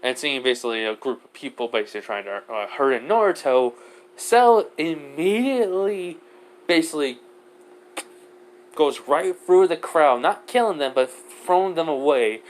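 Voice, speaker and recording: A man's voice: a little high, expressive, moderate pace. Rambling male fan-story narrator. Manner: rambling, heavy on fillers and restarts. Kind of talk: improvised fan-fiction narration.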